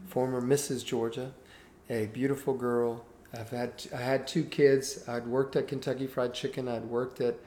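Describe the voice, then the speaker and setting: A man in his sixties, originally from Cuba and with no accent, earnestly telling stories from his life as an interview guest. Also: mid-range voice. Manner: earnest, animated anecdote telling. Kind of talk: interview storytelling. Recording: roomy echo with faint background hiss.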